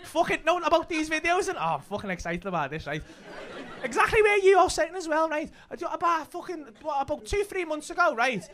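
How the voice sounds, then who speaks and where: A man with a Liverpool accent, a comedian and club host telling stories in casual chat, swearing freely with rapid banter. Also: very high voice, very animated, fairly bright tone, a faint crowd. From Liverpool, England.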